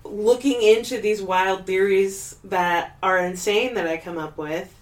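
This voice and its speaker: A woman's voice: medium pitch, steady tone, a little slow. A woman co-hosting a podcast in casual chat, rambling and laughing often, with the odd curse. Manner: giggly, rambling, swears casually. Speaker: podcast co-host.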